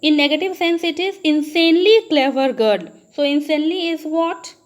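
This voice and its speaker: A woman's voice: high voice, normal speed. A woman teacher with an Indian English accent giving a grammar lesson, often addressing the students and asking, then answering, her own questions. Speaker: school teacher.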